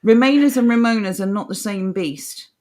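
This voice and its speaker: A woman's voice: mid-range voice, moderate pace, a little mellow. Blunt, scornful woman podcast co-host. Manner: blunt, scornful, laughs often. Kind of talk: casual opinionated chat, reading an article aloud.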